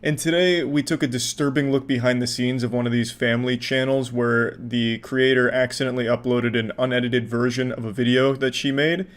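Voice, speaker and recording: A man hosting a video reaction show, giving dry, deadpan, profane commentary. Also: mid-range voice, a little fast, hardly any pauses. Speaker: online video reaction host.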